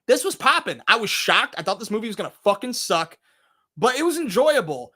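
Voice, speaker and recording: Host, male, high and bright, very animated delivery, livestream movie countdown. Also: brisk. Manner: excitable, swings between loud bursts and low asides, swears casually. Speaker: movie review show host.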